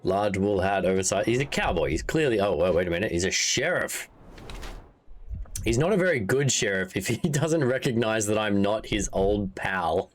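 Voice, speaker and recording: A male streamer narrating his own play in a casual, chatty way, thinking aloud and amused by the game. His pitch sits low and moves around a lot as he reacts. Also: expressive, moderate pace. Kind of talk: casual let's-play commentary.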